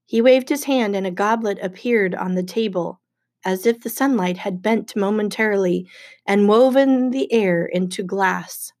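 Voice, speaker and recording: A woman narrates a first-person novel with steady, even storytelling. Her voice sits at a middle pitch for a woman. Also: a little slow. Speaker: audiobook narrator.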